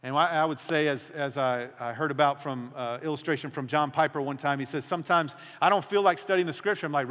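Earnest pastor preaching in a reverberant church. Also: male voice, on the high side, fast talker, few pauses. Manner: earnest, dramatic drops to a hushed voice. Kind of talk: sermon. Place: church sanctuary. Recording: long hall reverb.

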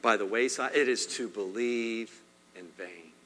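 A man preaching a sermon as pastor, emphatic and repetitive, swinging between loud and hushed. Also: on the low side, a little slow, a little hiss or hum. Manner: emphatic, swings loud and soft, repeats phrases. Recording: long hall reverb.

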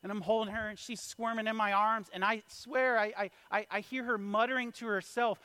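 Male pastor, 30s, fairly high voice, sermon storytelling, drops to a hush and then builds loud. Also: little pitch movement, fairly quick, hardly any pauses, clean tone, no room sound. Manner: storytelling with wide swings in loudness, from hushed to shouted.

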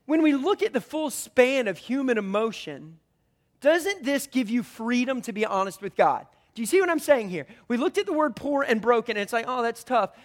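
A man with a high voice preaches a sermon in a loose, conversational way. He swings from loud, emphatic lines down to hushed, almost whispered passages. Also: long reverb tail. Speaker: pastor.

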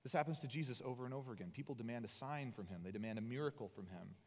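A man preaching as a pastor, earnest, moving between loud emphatic lines and soft, intimate passages. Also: medium pitch, very fast. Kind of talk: sermon. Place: church sanctuary. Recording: long hall reverb.

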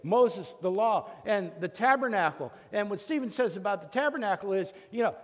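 A man's voice: sits high, expressive, normal speed, hardly any pauses. A man giving a conversational Bible lesson, telling the story with frequent fillers and restarts. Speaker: Bible teacher. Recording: long reverb, echoey hall.

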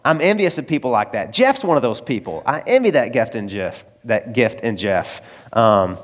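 A man's voice: medium pitch, big pitch swings, normal speed. A man preaching a sermon in a conversational way, with personal stories and frequent asides to the congregation. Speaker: pastor.

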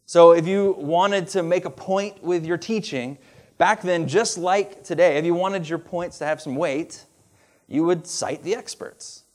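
Man, high voice, sermon, conversational, animated, asides and laughs. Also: a little slow. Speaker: pastor.

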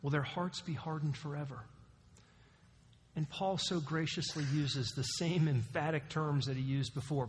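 A male pastor delivers an animated sermon, firing emphatic rhetorical questions at the congregation. His voice sits a touch high for a man. The sound rings with the long reverb of a church sanctuary. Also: moderate pace.

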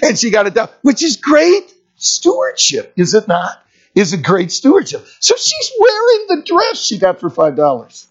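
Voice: medium pitch, huge pitch swings, normal speed, husky. A pastor preaching a sermon, telling a story and putting rhetorical questions to the congregation. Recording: dull lo-fi recording.

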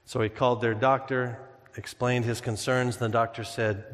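A man's voice: mid-range voice, flat delivery, normal speed. A man preaching a sermon in a church, conversational and humorous, telling stories and jokes as he explains scripture. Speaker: pastor. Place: church sanctuary. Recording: long hall reverb.

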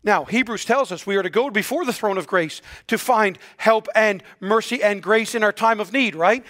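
A male pastor preaching a sermon earnestly, often dropping to a hushed, quiet delivery. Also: sits high, moderate pace.

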